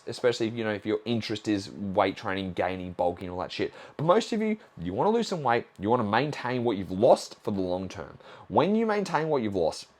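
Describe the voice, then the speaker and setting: Male coach, animated swings in pitch, blunt and sweary, chatty solo podcast delivery. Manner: blunt, frequent swearing, acts out conversations. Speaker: nutrition coach and podcast host.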